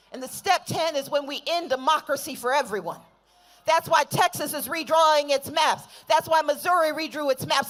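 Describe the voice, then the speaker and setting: A woman speaking at a rally, leading call-and-response chants that build to shouts. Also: sits high. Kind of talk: fiery political rally speech.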